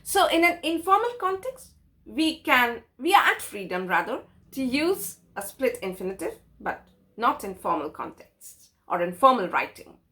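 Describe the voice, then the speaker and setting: Woman, grammar teacher, high voice, very lively pitch, step-by-step explanations. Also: normal speed. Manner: patient, explains step by step with examples.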